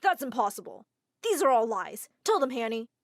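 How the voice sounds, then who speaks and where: Woman voicing groom, angry, controlling, forceful, accusing, animated drama. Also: a little high, moderate pace, dry recording, clean studio sound. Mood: furious.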